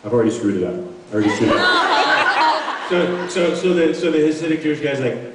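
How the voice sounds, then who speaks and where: A man's voice: medium pitch, quick pace, a little hiss or hum. A man on a convention panel telling a joke to an audience, laughing at himself and fumbling along. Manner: self-deprecating, laughs at himself. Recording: echoey convention hall, mic far off.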